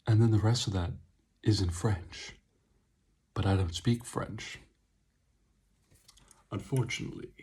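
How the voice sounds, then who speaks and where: A man's voice: lowish voice, gravelly, a little mellow, breathy edge. A young man reviewing an energy drink, making sarcastic, swearing asides. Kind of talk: casual product review vlog.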